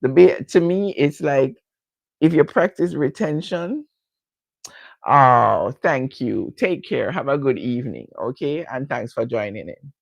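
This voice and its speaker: A Jamaican woman in her fifties chats with her viewers, laughing easily and talking straight back to them. Her voice rises and falls freely with a gravelly grain, and it is recorded close and dry, with no room sound. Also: extremely low pitch, expressive, a little slow, no room sound. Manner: chatty, laughs often, answers viewers directly. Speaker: hair care vlogger. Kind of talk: casual live chat with viewers.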